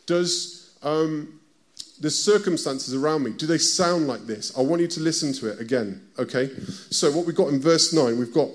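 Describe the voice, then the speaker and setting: A man with a British accent preaching a conversational sermon, often stopping to ask his listeners direct questions. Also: medium pitch. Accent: British English.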